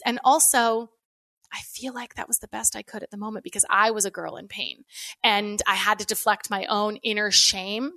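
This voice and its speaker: A woman's voice: mid-range voice, steady tone, moderate pace, sharp tone. A woman in her thirties who works as a coach, talking candidly about forgiveness in a casual, conversational way with occasional swearing. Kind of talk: personal reflective talk.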